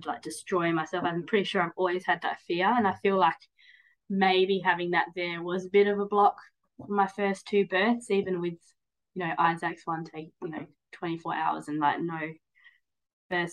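A woman's voice: on the low side, poor audio. Candid, rambling woman in her thirties. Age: 30s. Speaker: podcast guest. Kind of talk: casual interview chat.

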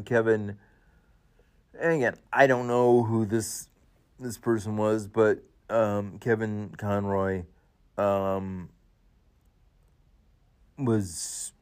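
A man hosting his show, giving an emotional personal tribute, halting with many fillers and restarts, his voice rising as he gets choked up. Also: lowish voice, a little mellow, clean tone. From United States. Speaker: show host.

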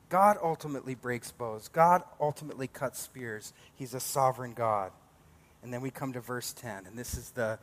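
A man's voice: on the high side, fairly bright tone. A male pastor preaching a sermon, building emphatic repeated declarations.

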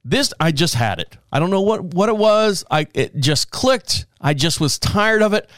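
A man spins a crude, animated story on his podcast. His voice is smooth and clear and sits a little on the high side, and it swings up and down a lot as he talks. The sound is dry and close. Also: normal speed, no room sound. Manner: profane, animated, laughs through his stories. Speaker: podcast host. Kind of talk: casual storytelling.

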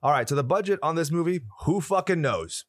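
A man's voice: on the high side, expressive, a little fast, no room sound, clean studio sound. A man co-hosting a casual movie review podcast, joking and swearing as he banters with his co-host.

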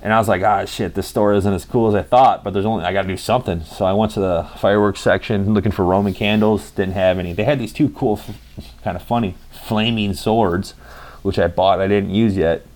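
A young man vlogs casually, spinning a rambling, profanity-laced story and acting out the quoted dialogue. His voice sits lowish with a darkish tone, and he talks fairly quickly with fairly even intonation.

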